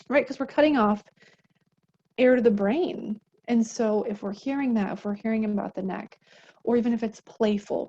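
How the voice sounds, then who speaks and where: A woman advocate talks through warning signs in a relaxed, conversational teaching voice, with a mellow, dark tone. She keeps checking in with tag questions and slips into acted example dialogues. The recorded event sounds slightly dull and lo-fi. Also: medium pitch, slight background noise. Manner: often adds a tag question at the end of points. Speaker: domestic violence advocate. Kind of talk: educational talk on unhealthy relationships.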